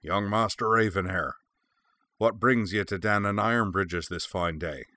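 A man voicing a gruff, burly old male dwarf weaponsmith in an audiobook. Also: lowish voice, measured pace, pushed and bright, no echo. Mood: welcoming.

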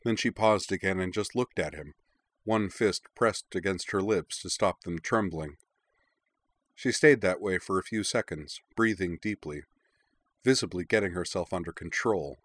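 A man narrating a story in a measured, expressive reading. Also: low voice, dry recording. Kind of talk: audiobook narration of fan fiction.

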